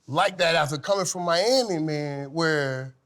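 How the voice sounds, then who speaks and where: A middle-aged man, a former football player, telling lively stories as a podcast guest, laughing often and swinging from loud to hushed. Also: on the high side, unhurried. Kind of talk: animated storytelling in casual chat.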